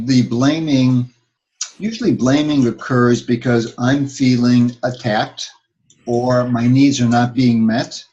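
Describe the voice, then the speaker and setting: A man's voice: medium pitch, darkish tone, lo-fi sound. A man who works as a couples counselor, talking things through thoughtfully with many fillers. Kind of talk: advice talk.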